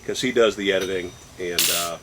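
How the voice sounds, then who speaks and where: A man co-hosting a casual discussion show, speaking deliberately and stressing words one by one. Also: deep voice, noisy background. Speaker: podcast co-host.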